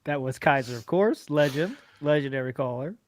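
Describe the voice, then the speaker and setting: A man's voice: fairly high pitch, animated, moderate pace, no echo, clean studio sound. A man hosting a casual livestream podcast, reading out tips and chat messages and laughing along. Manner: reads chat tips, laughs easily, hedging. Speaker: host.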